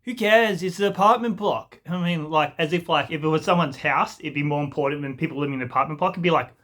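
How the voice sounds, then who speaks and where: A man's voice: on the high side, fairly even intonation, racing, a bit bright. A young man telling an exasperated, rambling story as a vlogger, swearing freely and mocking people in put-on voices. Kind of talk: ranting storytime monologue.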